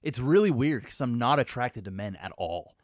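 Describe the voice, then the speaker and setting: A man's voice: mid-range voice, expressive, normal speed, dry recording, clean studio sound. A man co-hosting a podcast in casual crude banter, hesitant and stumbling, often repeating his words. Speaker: podcast co-host.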